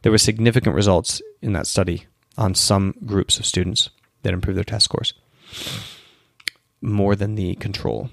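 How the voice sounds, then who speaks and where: A man's voice: on the low side, fairly even intonation, moderate pace, gravelly, a bit bright, no room sound, studio quality. A man hosting a solo question-and-answer show, explaining at length with restarts and asides, tired and yawning early in the morning. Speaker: podcast host answering questions. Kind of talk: casual solo Q&A talk.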